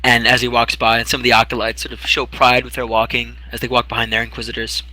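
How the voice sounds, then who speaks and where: A man's voice: medium pitch, completely flat delivery, fast talker, bright, forceful tone, slight background noise, rough recording. A man narrating a tabletop role-playing game as game master, rambling with fillers and restarts.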